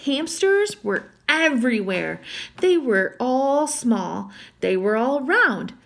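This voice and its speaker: A woman's voice: high-pitched, sing-song, slow pace, creaky. A woman reading a children's picture book aloud as a storyteller, adding chatty asides to the listener.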